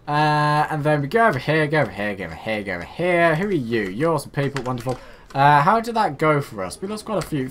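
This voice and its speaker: A man's voice: mid-range voice, a bit bright. A man talks his way through a strategy game, chatty and self-mocking as he orders his units around. His voice swings up and down a lot. A faint hiss and some keyboard clicks sit under his voice from the desk mic. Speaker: gaming YouTuber. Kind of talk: casual let's play commentary.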